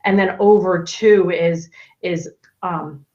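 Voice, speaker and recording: A woman's voice: on the low side, fairly even intonation, slow, a little mellow, highs cut off. A middle-aged woman, a guest on an interview, telling long stories in casual chat with lots of fillers and restarts over a video call. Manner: talkative, storytelling with many fillers and restarts. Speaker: guest, autism expert and parent.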